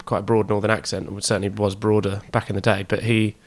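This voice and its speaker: A man's voice: fairly low pitch, little pitch movement, quick pace, a little hiss or hum. A man from Devon, co-hosting a podcast with dry, wry remarks and short read segments. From Devon, England. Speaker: podcast co-host. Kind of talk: casual chat with read segments.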